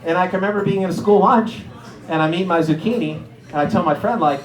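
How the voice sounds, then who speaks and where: A middle-aged man from Erie, Pennsylvania, telling stand-up stories and acting out the people in them with sudden jumps in pitch. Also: normal speed, roomy sound, low-quality recording. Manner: animated, acts out characters with jumps in pitch. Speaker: stand-up comedian. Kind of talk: stand-up storytelling.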